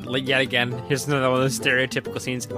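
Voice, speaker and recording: A man's voice: mid-range voice, monotone, racing, over music. A man co-hosting a casual movie podcast, laughing often and slipping into goofy impressions. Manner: playful, laughs often, drops into goofy character voices. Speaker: podcast co-host.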